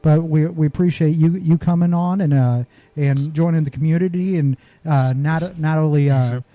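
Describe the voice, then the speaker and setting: A man's voice: a little high, steady tone, normal speed, dark tone. A man, co-hosting a podcast in a rambling casual way with many restarts. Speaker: podcast co-host.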